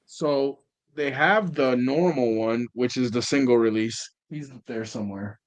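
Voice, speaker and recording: A man's voice: medium pitch, a little slow, slight background noise. A man co-hosting a casual toy-collecting chat, talking in a laid-back, rambling way and trailing off mid-sentence.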